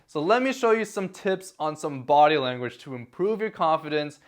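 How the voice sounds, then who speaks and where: A man's voice: fairly high pitch, lively intonation, moderate pace. Laid-back young man talking to camera. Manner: laid-back, filler-heavy, repeats words. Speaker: vlogger. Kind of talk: casual talk to camera.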